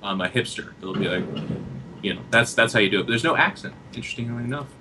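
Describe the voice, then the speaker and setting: A man's voice: mid-range voice, quick pace, noisy background. A man from the Seattle area co-hosting a podcast, chatting casually and animatedly. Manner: animated, mimics angry commenters. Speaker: podcast co-host. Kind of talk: casual chat.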